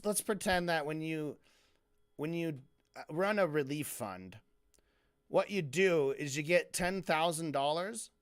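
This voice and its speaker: A man giving sarcastic, profane commentary as a streamer reacting to a video, with lots of halting restarts. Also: on the high side, fairly bright tone, clear, resonant tone. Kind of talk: casual commentary.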